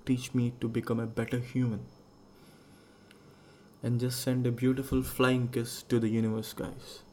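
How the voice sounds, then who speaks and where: A young man talks through a loose solo podcast, drifting between thoughts and dropping casual curses. His voice is gravelly with a dark, mellow tone. Faint background noise sits under the speech. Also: mid-range voice. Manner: rambling, musing and swearing freely. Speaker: podcast host.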